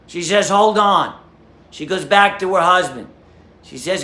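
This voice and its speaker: A man telling a string of short jokes in a dry, deadpan stand-up delivery, quoting the characters plainly as he goes. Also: high-pitched, unhurried, roomy sound. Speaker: stand-up comedian.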